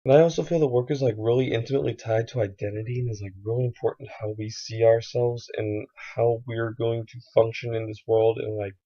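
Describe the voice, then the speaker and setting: A man's voice: mid-range voice, fairly even intonation, fairly quick, hardly any pauses, dark tone. A young man with a cold, chatting in a rambling, casual video letter to a friend, full of fillers. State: has a cold. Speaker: vlogger. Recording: dull lo-fi recording.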